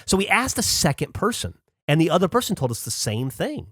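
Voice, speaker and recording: A man's voice: on the high side, sing-song, rapid-fire, no room sound, clean studio sound. A man on a podcast casually telling a long anecdote, acting out the people he quotes in a raised voice. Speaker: podcast host. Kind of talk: casual storytelling chat.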